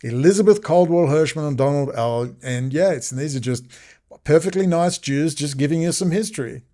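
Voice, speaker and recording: A man's voice: on the high side, brisk, mellow. A man ranting sarcastically in a rambling video commentary.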